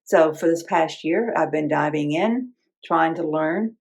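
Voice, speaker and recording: Fifties woman, crafts vlogger, reflective and rambling, with some vocal fry. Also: low-pitched, measured pace, darkish tone, rough recording. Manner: rambling, self-correcting, laughs at herself. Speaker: quilting vlogger. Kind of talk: reflective casual chat.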